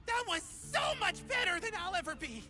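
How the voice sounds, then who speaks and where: A woman voicing an eager, chatty small male would-be adventurer in a video game, talking in an excitable, theatrical way. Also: very high voice, moderate pace.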